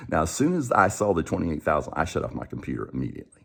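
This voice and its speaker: A man with a very low, deep voice who speaks casually and directly to the camera. He retells a story by acting out both sides of the conversation, with many restarts. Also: very animated, racing, vocal fry, husky. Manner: conversational, acts out the dialogue, frequent restarts. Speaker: coach and show host.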